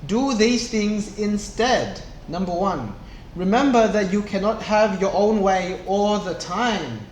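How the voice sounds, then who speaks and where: A young man who teaches English, reading a storybook aloud slowly and clearly to children. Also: high-pitched, expressive. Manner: slow and clear, with small voices for the book's characters. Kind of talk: slow read-aloud lesson for kids. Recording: echoey room, faint background noise.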